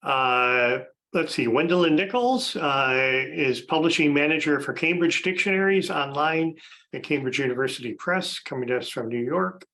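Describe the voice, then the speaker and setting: A man's voice: on the high side, lively intonation, normal speed, bright, forceful tone, rough recording. A man hosting a podcast, casually introducing a panel of guests, chatty with frequent fillers and restarts. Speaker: podcast host.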